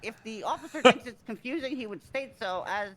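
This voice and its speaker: Brief: female player as a prosecutor, slightly high, formal, measured questioning. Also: expressive, fairly bright tone, low-quality recording. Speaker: prosecutor in role-play. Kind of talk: formal role-play courtroom argument.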